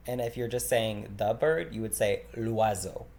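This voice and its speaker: A man from the United States giving a relaxed, chatty vocabulary lesson, repeating each word slowly and laughing often. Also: lowish voice, creaky. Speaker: language teacher.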